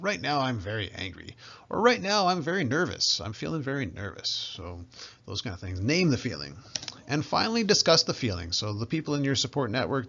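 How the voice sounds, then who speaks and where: A man's voice: mid-range voice, fairly bright tone. A male instructor giving a recorded slideshow lesson in a friendly way, often checking in with "right?". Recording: slightly dull lo-fi audio.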